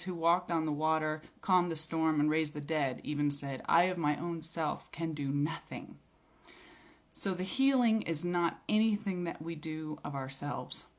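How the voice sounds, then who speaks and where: Her voice on the lower side, a woman recounts how she was healed as a testimony of her faith. The telling is sincere and reflective, broken by the occasional hesitation.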